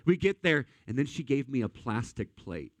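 A young man preaching a sermon, telling a story with lively energy and building to emphatic points. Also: mid-range voice, normal speed, dry recording. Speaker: pastor.

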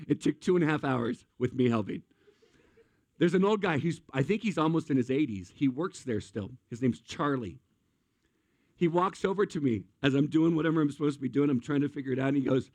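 Middle-aged male pastor, slightly high voice, dry close sound, preaches with easygoing self-mocking humor. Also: a little mellow, no echo. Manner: humorous self-deprecating storytelling. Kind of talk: sermon.

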